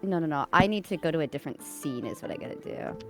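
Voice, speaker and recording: A woman streamer chatting casually on a live stream, telling stories in a giggly, animated way. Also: low-pitched, fast, music in the background.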